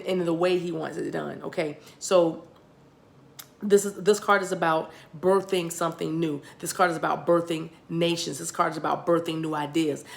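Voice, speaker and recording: Low gravelly American woman reading cards. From United States. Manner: repetitive, restarting, addresses viewers directly. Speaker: spiritual card reader. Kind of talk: tarot-style card reading.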